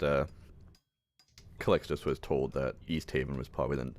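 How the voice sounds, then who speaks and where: A man running a tabletop game as game master, relaxed and laughing often. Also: extremely low pitch, a little fast, long pauses, no echo.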